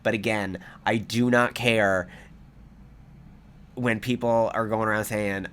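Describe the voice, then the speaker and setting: A man's voice: mid-range voice, steady tone, unhurried, bright, forceful tone, clear, resonant tone. A man giving angry, profane reaction commentary in a heated ranting manner. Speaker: commentary vlogger.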